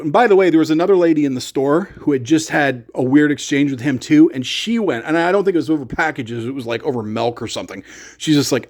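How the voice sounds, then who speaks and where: Male YouTuber, mildly high voice, sarcastic animated storyteller. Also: quick pace. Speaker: gear channel YouTuber. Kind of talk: casual storytelling rant.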